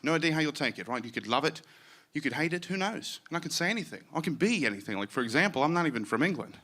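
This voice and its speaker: A man doing a stand-up set on a comedy stage, self-deprecating and profane, telling his stories in an animated way. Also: on the high side, racing. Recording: live set with clear background noise.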